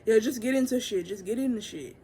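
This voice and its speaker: Young woman, casual oracle reading, profane and chatty, faint background hiss. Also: a little fast. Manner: profane, loose and chatty, with sudden excited high bursts. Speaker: tarot and oracle reader.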